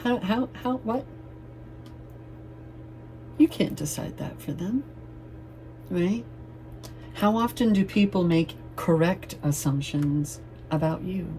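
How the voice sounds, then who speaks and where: Low-voiced woman reading tarot. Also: slow pace, pauses often, warm tone. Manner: chatty and loose, swears playfully, laughs often. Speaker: tarot reader. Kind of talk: casual tarot reading to camera.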